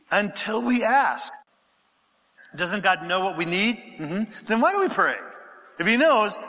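A pastor preaching a sermon, reading scripture aloud, questioning his congregation and dropping to a whisper for quiet passages. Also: on the high side. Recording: echoey hall with long reverb.

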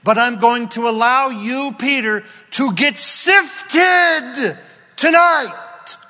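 God as a fervent, protective male deity, high and strained, bright and forceful, close to shouting, with a long hall reverb trailing off every line, as a preacher acts him out in a sermon. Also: lively intonation, unhurried, husky, exaggerated voice. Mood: impassioned. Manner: impassioned, rising to a shout.

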